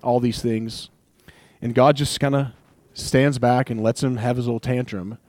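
A young man preaching a sermon in a casual, conversational way, animated and joking, slipping into little acted asides. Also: mid-range voice, moderate pace, dry recording. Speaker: pastor.

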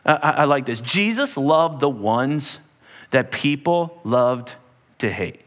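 A man preaching a sermon to a room, retelling scripture in a dramatic, animated way and acting out the people in it. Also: medium pitch, slow pace. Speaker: pastor. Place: church hall.

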